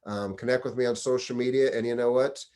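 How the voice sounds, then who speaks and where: A middle-aged deputy fire chief gives casual career advice, telling stories conversationally and acting out quoted dialogue. His medium-pitched voice is dark, clear and resonant. He talks fast with fairly even intonation.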